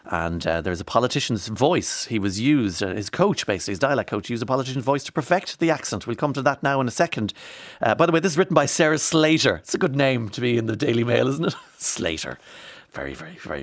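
A man's voice: mid-range voice, lively intonation, fast talker, no room sound, clean studio sound. A man presenting a radio show, chatting casually with frequent fillers.

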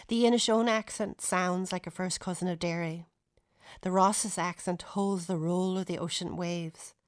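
A woman with a Donegal Irish accent reading a first-person radio essay in a reflective, storytelling way. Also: lowish voice. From Donegal, Ireland, via Ohio.

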